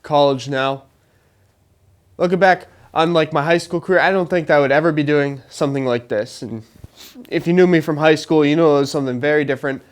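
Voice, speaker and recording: A man's voice: on the high side, fairly quick. A young man in college, hosting a live show with a rambling, jokey monologue, laughing through his lines. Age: young adult. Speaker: host. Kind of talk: stand-up style monologue to a live audience. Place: live show before an audience.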